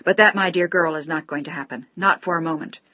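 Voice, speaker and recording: Audiobook: a woman reading a stern aristocratic father, cold fury, accusing, low voice. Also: quick pace, no echo, muffled recording. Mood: cold, contemptuous. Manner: shouting accusations, cold and contemptuous.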